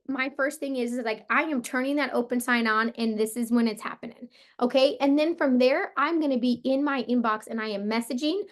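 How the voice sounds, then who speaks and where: Woman, hoarse voice, high-pitched, upbeat team coach, chatty. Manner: upbeat, casual, says "like" and "you guys" a lot. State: hoarse, voice partly lost. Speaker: team leader coaching sellers. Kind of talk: motivational team call.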